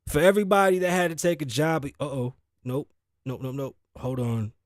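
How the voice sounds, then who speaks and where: A tired man from the Bronx hosts his own show, rambling through a profane, self-deprecating monologue. His voice sits a little high for a man. The sound is close and dry, with no room around it. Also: steady tone, moderate pace, no room sound. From New York, the Bronx. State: sleepy, tired. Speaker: host. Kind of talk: casual solo talk show monologue. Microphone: studio mic through audio interface.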